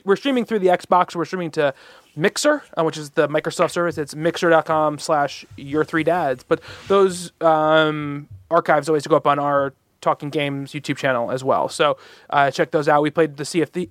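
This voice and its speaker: A man's voice: a little high, moderate pace, no room sound, studio quality. A young man hosting a podcast, chatting casually and rambling with many fillers and restarts. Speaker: podcast host. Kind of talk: casual chat.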